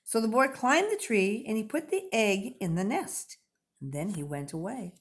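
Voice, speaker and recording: A woman reading a picture book aloud to young pupils, expressive and clearly paced like a teacher. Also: mid-range voice, moderate pace. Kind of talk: children's read-aloud.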